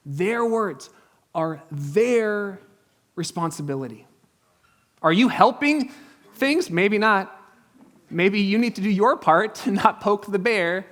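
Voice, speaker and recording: Conversational pastor in his thirties. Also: sits high. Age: 30s. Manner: conversational, humorous, drops to a hush in the story. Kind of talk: sermon with storytelling. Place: church.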